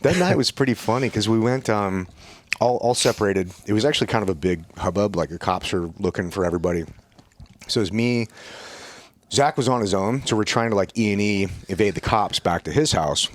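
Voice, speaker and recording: A man's voice: lowish voice, a little fast. A middle-aged man swapping rowdy stories in a casual chat, swearing a lot and laughing as he talks. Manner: profane, animated, laughing while telling stories.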